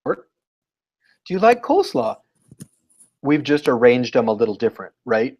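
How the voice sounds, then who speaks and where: A man talking as a guest educator in a casual interview, telling lively stories and acting out what people said. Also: mid-range voice, moderate pace, highs cut off. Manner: animated storyteller, acts out quotes.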